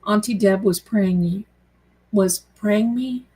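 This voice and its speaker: A woman's voice: medium pitch, takes it slowly, mellow, poor audio. A woman hosting a tarot live stream, chatting casually and affectionately with viewers she calls her darlings. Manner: chatty and rambling, reads out viewer comments.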